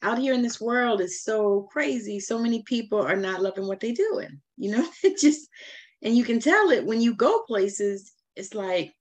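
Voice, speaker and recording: Southern woman host, effusive, laughs a lot, lively pitch. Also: moderate pace. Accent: Southern American. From Savannah, Georgia, US. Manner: warm, effusive, laughs often. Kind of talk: casual interview chat.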